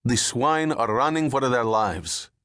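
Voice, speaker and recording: A man's voice: mid-range voice, lively intonation, unhurried, voice pushed up. A man doing a boastful, brutal Russian soldier. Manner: gruff, boastful, shouting slogans.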